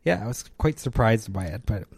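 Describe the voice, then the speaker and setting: A man co-hosting a podcast, chatting easily about movies, laughing often and pausing with uhs. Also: fairly low pitch, animated, vocal fry, darkish tone, husky, no echo. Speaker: podcast co-host. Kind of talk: casual movie chat.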